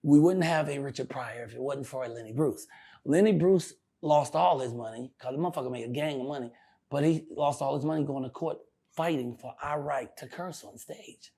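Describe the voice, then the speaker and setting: An older male comedian telling stories in a casual interview, profane and animated, often laughing. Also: mid-range voice, moderate pace.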